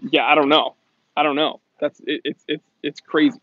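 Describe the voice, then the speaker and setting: A man with a fairly high voice talks casually on a live stream, answering viewer questions with lots of restarts and fillers. The sound is dry and close, with a slightly dull, lo-fi quality. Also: steady tone, normal speed, no echo. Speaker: watch shop owner hosting a live stream.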